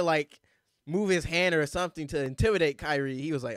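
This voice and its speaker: A young man streaming live reactions to basketball highlights, blurting out groans and exclamations in casual, slangy, profane banter. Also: normal speed, fairly bright tone, clear, resonant tone, soft background music.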